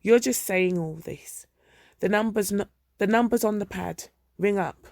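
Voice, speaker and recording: A woman's voice: medium pitch, measured pace, vocal fry, a little mellow, dry recording, clean studio sound. A woman reading a dramatic monologue, voicing a fretful elderly mother in her seventies who scolds and sulks. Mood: dismissive. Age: 70s. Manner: scolding, wounded, accusing.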